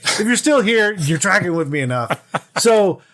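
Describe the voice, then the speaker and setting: Lively, animated male podcast co-host. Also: high voice, normal speed. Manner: animated, playful storytelling. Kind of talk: casual chat.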